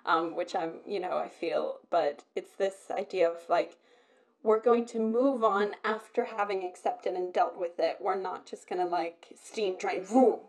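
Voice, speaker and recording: A woman's voice: on the low side, unhurried. Chatty woman in casual talk. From Britain. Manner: chatty, laughs often, rambling. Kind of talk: casual chat.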